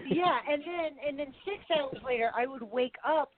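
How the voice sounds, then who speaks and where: A woman's voice: high-pitched, normal speed. A woman co-hosting a podcast, chatting casually, swearing and laughing as she tells stories. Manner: laid-back, swears, laughs between lines. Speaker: podcast co-host. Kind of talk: casual crude chat. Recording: phone-like line with crowd noise behind.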